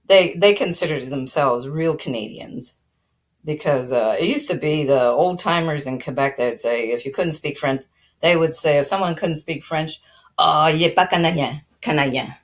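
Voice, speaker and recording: Woman host, low voice, relaxed rambling history chat with fillers and chuckles. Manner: rambling, many fillers and restarts; chuckles now and then while talking. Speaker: channel host. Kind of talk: casual spoken history talk.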